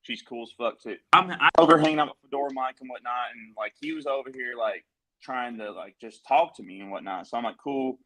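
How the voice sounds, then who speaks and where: A man's voice: medium pitch, a little fast, a bit bright, rough recording. A man, a musician guest on a live stream, telling a long story in a heated, profane, rambling way.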